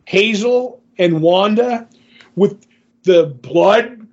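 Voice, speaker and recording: A man's voice: high voice, very slow, a little mellow, muffled recording. A man co-hosting a podcast, casually talking about comics and recapping a story in a rambling way with many fillers. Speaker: podcast co-host. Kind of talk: casual comic book discussion.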